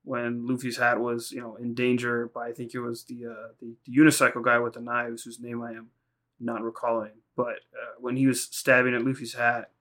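A man's voice: mid-range voice, completely flat delivery, moderate pace, pushed and bright. A man co-hosting a podcast, casually recapping anime episodes in a rambling, profane way, acting out lines in quoted voices. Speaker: podcast co-host.

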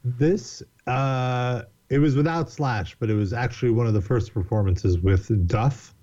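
A man's voice: mid-range voice, measured pace, muffled recording. Laid-back man telling rambling stories. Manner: rambling, animated, swears often, laughs a lot. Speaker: podcast guest. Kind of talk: casual storytelling.

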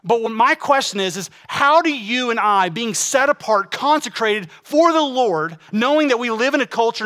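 Rhetorical questions pour from a pastor as he preaches, his voice high and bright. Within the sermon he alternates between booming emphasis and soft, confiding asides to his congregation.

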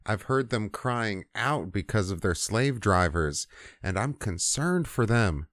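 Man voicing an impatient swearing God, casual slang, lowish voice, dry close sound. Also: animated, takes it slowly, a bit bright, dry recording.

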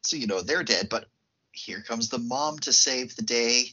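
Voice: medium pitch, normal speed, bright, forceful tone, husky, highs cut off. A podcast co-host casually recapping a film plot, laughing often.

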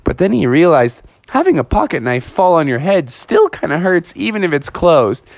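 A man telling a playful children's story with animated, lively narration. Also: fairly high pitch, moderate pace, creaky, no echo.

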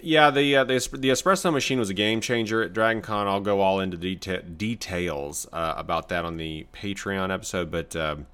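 A man's voice: deep voice, fairly quick, hardly any pauses, fairly bright tone, clean tone. A man co-hosting a podcast, trading casual, teasing banter. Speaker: podcast co-host. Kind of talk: casual chat.

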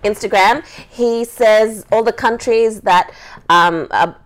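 A woman's voice: medium pitch, takes it slowly. A woman hosting a casual live podcast, chatty and rambling, laughing a lot. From Australia. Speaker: podcast host. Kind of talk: casual chat, live stream.

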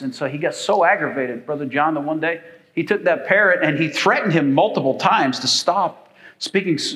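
A man's voice: on the high side, a bit bright, low-quality recording. An older man preaching a sermon as pastor, folksy and rambling, with frequent fillers.

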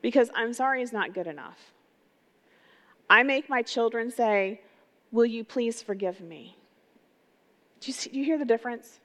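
A middle-aged woman pastor giving an energetic, conversational sermon, often putting rhetorical questions to her congregation. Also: fairly high pitch, normal speed, long pauses. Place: church sanctuary. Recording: long reverb of a large hall.

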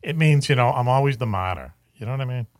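A man's voice: mid-range voice, animated, fast, dry recording. A man hosting a radio talk show, joking and teasing his guests in casual banter over a remote link.

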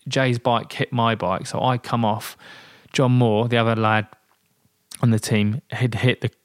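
A man, a guest and military veteran, telling anecdotes in an animated way with many fillers and restarts. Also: mid-range voice, measured pace, no echo, clean studio sound. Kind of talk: storytelling in a podcast interview.

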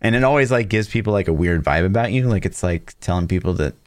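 A man's voice: deep voice, animated, fast talker, dry recording. A young man co-hosting a podcast in casual chat, laid-back and wry, full of fillers. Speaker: podcast co-host.

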